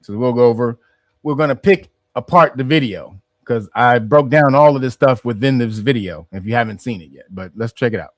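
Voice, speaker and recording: A man's voice: medium pitch, fairly quick, no echo. A man hosting a casual commentary, rambling and restarting his phrases as he explains. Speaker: host.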